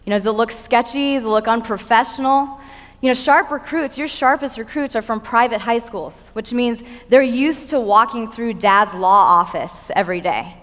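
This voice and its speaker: A woman's voice: a little high, normal speed, a bit bright. A woman giving an earnest conference talk on training staff, teaching with frequent fillers while feeling cold. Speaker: conference speaker. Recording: long hall reverb.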